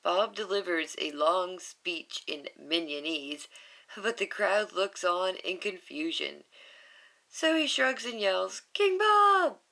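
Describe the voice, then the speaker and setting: A woman's voice: fairly low pitch, expressive, slow, creaky, bright, forceful tone. A woman reading a picture book aloud to viewers, with chatty, giggly asides. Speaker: storybook reader.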